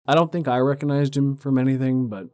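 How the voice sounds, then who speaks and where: A man's voice: medium pitch, steady tone, fast talker, darkish tone, clean tone, no room sound. A man co-hosting a podcast in casual chat, agreeable and enthusiastic. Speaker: podcast co-host.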